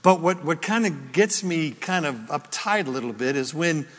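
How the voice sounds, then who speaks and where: Rambling man with a high voice. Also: moderate pace, fairly bright tone, in a large hall. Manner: rambling, jokey asides, self-interrupting. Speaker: Christian radio or podcast host. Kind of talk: casual opinionated monologue.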